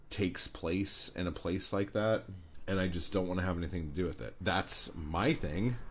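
A man hosting a podcast, delivering an angry, profane, sarcastic rant. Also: deep voice. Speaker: podcast host.

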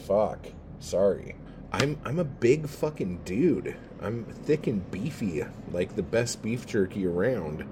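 A man's voice: fairly low pitch, big pitch swings, takes it slowly, background noise. A man hosting a podcast alone, sarcastic and swearing constantly as he rambles. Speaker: podcast host. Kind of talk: sarcastic profane podcast monologue.

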